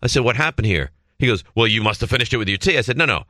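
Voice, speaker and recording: A man cohosting a sports talk show, spinning animated everyday stories between plugs. His voice is bright and forceful. The sound is dry and close. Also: mid-range voice, dry recording. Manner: animated storyteller, reads ad copy quickly. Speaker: radio sports talk host. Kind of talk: casual sports radio banter.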